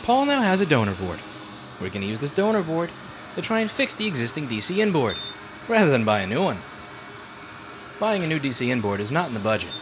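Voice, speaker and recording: A man's voice: a little high, very animated, a little fast, long pauses, noisy background. A man running a repair shop, giving casual, teasing livestream commentary while working. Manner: sarcastic, teasing.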